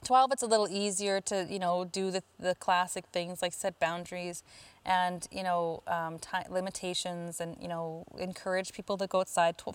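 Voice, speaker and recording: A woman coaching parents in a casual talk, answering listener questions and often pausing with fillers and restarts. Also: fairly low pitch, smooth, no echo. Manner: chatty, lots of fillers and restarts.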